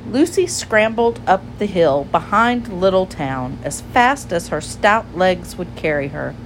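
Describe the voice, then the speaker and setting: A woman narrating a children's storybook aloud in a gentle, clear and measured way. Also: on the low side, animated, slight background noise, rough recording.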